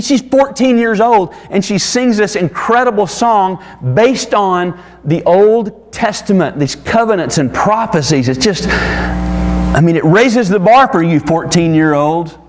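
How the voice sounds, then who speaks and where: A man preaching a sermon as pastor, animated and digressive, breaking off into quick asides. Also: sits high. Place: church sanctuary. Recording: reverberant hall with faint background noise.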